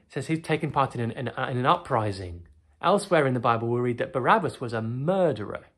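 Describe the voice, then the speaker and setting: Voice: medium pitch, expressive, fast, a bit bright, husky. A children's teacher telling and reading a Bible story, often asking the children tag questions.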